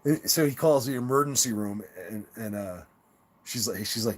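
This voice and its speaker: Speaking at normal speed in a lowish voice, this male streamer chats casually with his viewers. His talk rambles and stalls, full of restarts and stammered repeats, and he laughs at his own stories.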